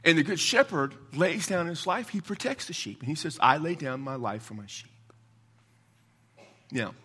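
A man preaching a sermon as a pastor, emphatic and quick with asides, asking his listeners questions and answering them himself. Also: on the high side, lively intonation, husky. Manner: emphatic, call-and-response questions; rapid asides, voice swings from loud to hushed.

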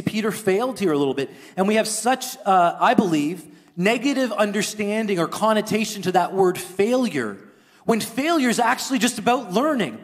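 A pastor preaches with earnest conviction, his voice pitched high for a man. At moments he pushes almost to a shout. A long reverberant tail hangs behind every phrase, like a church sanctuary. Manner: earnest preaching, rising to near-shouting at points. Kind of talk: sermon.

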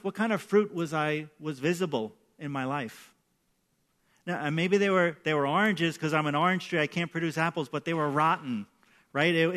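Conversational pastor, man, higher voice. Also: fairly bright tone. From New York. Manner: conversational storytelling with repeated "right?". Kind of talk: sermon.

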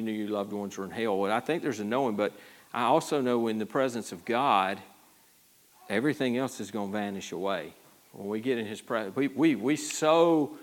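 A man preaching a Bible-study sermon, talking conversationally with many stammered restarts and sudden lively jumps when he acts out what people say. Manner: animated, jumps high when acting out quotes. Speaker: pastor.

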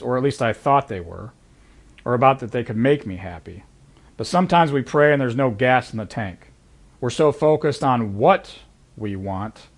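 Guy preaching a sermon, chatty and earnest, punches up certain lines, mid-pitched voice. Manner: earnest, conversational preaching with lively emphasis. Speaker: pastor.

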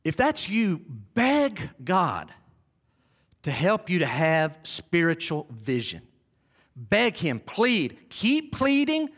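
A male pastor preaching a sermon to a congregation, reading scripture slowly and with emphasis. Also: high-pitched, wildly swooping pitch, a bit bright. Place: church before a live congregation.

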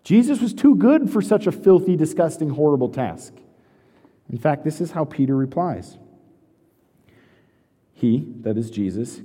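A pastor delivering a sermon, moving between hushed scripture reading and lively storytelling. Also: male voice, a little high, moderate pace, breathy edge. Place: church sanctuary. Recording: long hall reverb.

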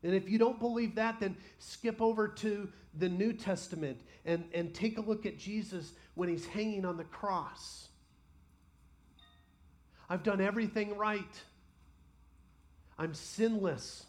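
A male pastor delivers a sermon with a high, ringing voice. He throws himself into imagined prayers with real passion, then settles into quiet, personal asides. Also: normal speed, few pauses.

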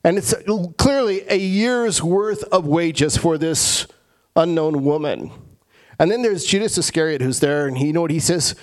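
A man preaching as pastor of his church, emphatic, repeating key phrases and slowing down to stress them. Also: fairly high pitch, lively intonation. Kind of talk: sermon.

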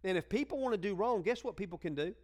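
A man's voice: high voice, lively intonation, quick pace, a little mellow. A man pastor preaching a folksy, conversational sermon that climbs into fervent exhortation and acts out the voices of the people in his stories. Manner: acts out quoted voices in dialogue.

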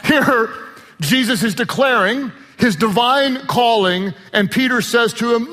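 A man with a notably high voice delivers a sermon, swinging from shouted emphasis to light joking asides. His words ring out with a long reverb, as if filling a large church sanctuary. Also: unhurried. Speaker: pastor.

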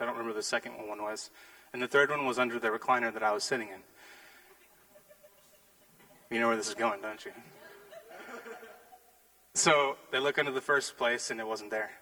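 A middle-aged man, a pastor, preaching a sermon and telling a family story with animated acted-out lines. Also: a little high, vocal fry, poor audio. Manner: animated storytelling, acting out his daughters' lines.

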